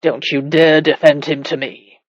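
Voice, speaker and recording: A woman reading the lines of a stern, protective medieval warrior husband in a gruff, low, terse voice. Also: level tone, measured pace, no echo, muffled recording.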